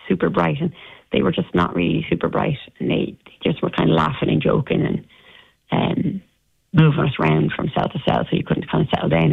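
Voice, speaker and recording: Gravelly Irish woman on a phone line. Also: low voice, no room sound. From Ireland. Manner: halting, with many restarts. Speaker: interview guest. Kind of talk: recounting an ordeal in an interview.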